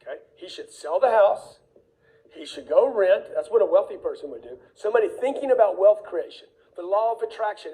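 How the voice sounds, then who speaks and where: Blunt, emphatic man with a dark voice. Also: sits high, lively intonation, quick pace, rough recording. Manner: emphatic, blunt, repeats warnings; acts out dialogue in quoted voices. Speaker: speaker on wealth. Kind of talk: motivational talk.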